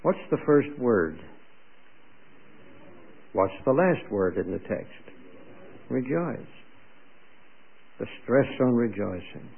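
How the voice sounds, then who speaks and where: A man's voice: medium pitch, very animated, slow, gravelly, long pauses, husky. A man preaching a sermon in a conversational way, putting questions to his congregation, heard on a tinny lo-fi radio broadcast.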